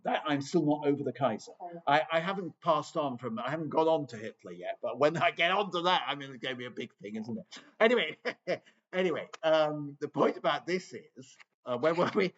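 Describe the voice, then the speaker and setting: A man's voice: a little high, animated, normal speed, fairly bright tone, dull audio. A man from England giving an informal lecture on scripture, chatty and digressive with wry asides.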